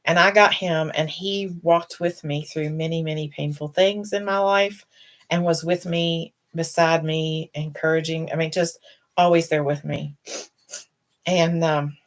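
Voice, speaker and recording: A woman's voice: low voice, steady tone, unhurried. A middle-aged woman hosting a casual live stream, talking in a rambling, emotional way and fighting back tears. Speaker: host.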